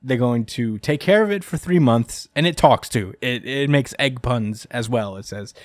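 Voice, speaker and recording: A man's voice: mid-range voice, lively intonation, normal speed, dry recording. Man casually recapping a comic, dry sound. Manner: rambling, filler-heavy, chuckles often while summarizing. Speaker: podcast co-host. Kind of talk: casual manga recap chat.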